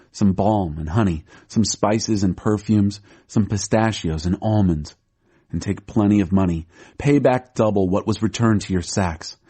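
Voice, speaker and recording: Guy narrating a sad worn-out old dad in a bible story, low husky voice. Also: warm tone. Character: grieving aged father, weary and stubborn.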